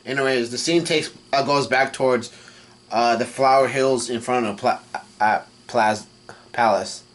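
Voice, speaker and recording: A man's voice: medium pitch, slight background noise. A man casually recapping a comic chapter as he reads, stumbling over names and restarting lines often. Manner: halting, full of restarts and fillers, reads quoted lines flatly. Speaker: manga reaction vlogger. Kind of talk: casual recap while reading.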